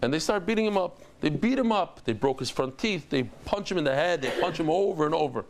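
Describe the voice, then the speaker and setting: A man's voice: on the high side, expressive, brisk, slight background noise. A man over fifty teaching a Talmud lesson, telling stories and acting out the dialogue with exclamations.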